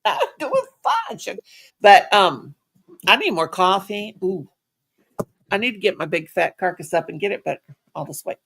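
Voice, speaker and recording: Folksy gravelly-voiced woman host. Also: medium pitch, big pitch swings, moderate pace, a bit bright. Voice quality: folksy, rambling talk with Southern-style endearments. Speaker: channel host. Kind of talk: casual live chat.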